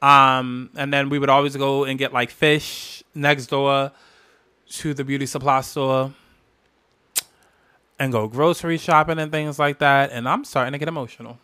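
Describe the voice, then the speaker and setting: A man hosting a solo podcast, telling family memories in a candid, emotional way with lots of profanity and animated bursts. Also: mid-range voice, normal speed, clean tone. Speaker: podcast host.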